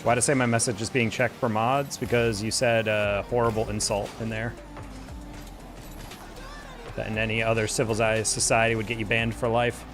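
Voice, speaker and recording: A man's voice: fairly low pitch, little pitch movement, normal speed, music in the background. A man streaming a game, chatting casually and venting in a rambling, conversational way. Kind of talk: casual chat while gaming.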